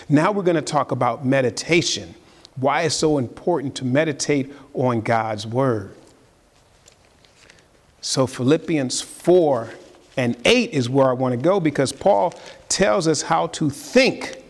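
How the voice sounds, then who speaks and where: A man preaching a live-streamed sermon as pastor, earnest and building to emphatic peaks. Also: medium pitch. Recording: long church-hall reverb.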